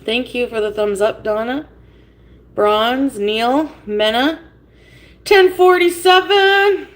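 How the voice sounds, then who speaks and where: A woman with a high voice talks on a livestream from her home. She greets viewers in chat by name, then launches into a blunt, cursing, confrontational rant. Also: slow.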